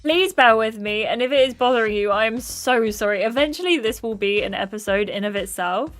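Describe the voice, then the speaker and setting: A woman's voice: a little high, expressive, moderate pace, hardly any pauses, soft background music. A woman streaming a story game, reading its dialogue aloud and chatting with her viewers, often apologizing for her slips.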